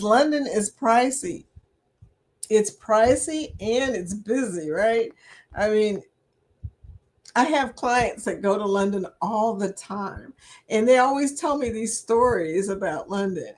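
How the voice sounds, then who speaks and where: A middle-aged woman hosting a casual livestream chat, reading viewer comments aloud and laughing often as she talks. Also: a little high. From United States. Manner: laughs often, chatty and animated.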